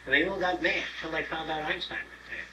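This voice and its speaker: A man's voice: fairly high pitch, fast. A man in his sixties giving an informal lecture, blunt and profane, who acts out other people's voices. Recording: roomy, distant mic, faint hiss on an old tape.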